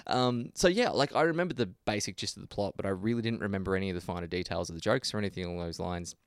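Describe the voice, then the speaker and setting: A man's voice: deep voice, very fast, clean tone, no room sound, clean studio sound. A man co-hosting a casual podcast, rambling, joking and swearing loosely. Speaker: podcast co-host.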